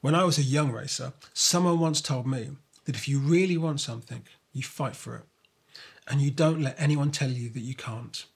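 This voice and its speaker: A man voicing a gentle, wise father in a storybook reading, speaking softly and reassuringly. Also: mid-range voice, normal speed, gravelly, breathy edge. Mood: kind.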